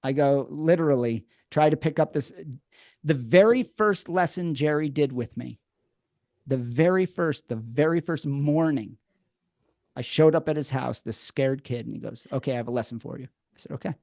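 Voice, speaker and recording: A man telling his story as a podcast guest in a lively, conversational way. He restarts and repeats words and acts out quotes from the past. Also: on the high side, moderate pace, gravelly, no echo, studio quality. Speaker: podcast guest, addiction program co-creator.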